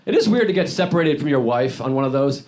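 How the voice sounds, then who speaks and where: A man doing a stand-up comedy set on stage, grumbling and deadpan, acting out bits in put-on voices. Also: mid-range voice, fast talker. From New York. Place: comedy club stage before a laughing audience. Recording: live set with loud audience laughter.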